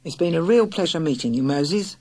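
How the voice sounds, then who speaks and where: A woman's voice: low voice, animated, fairly quick, dark tone. A woman reading a storybook, voicing a friendly young male TV presenter in a cheerful manner. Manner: cheerful, beaming.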